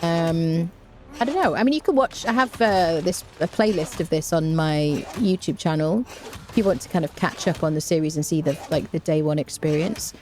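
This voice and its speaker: A woman's voice: low voice, normal speed, a little mellow, a little hiss or hum. A woman giving rambling, casual commentary while streaming a game, full of fillers and restarts.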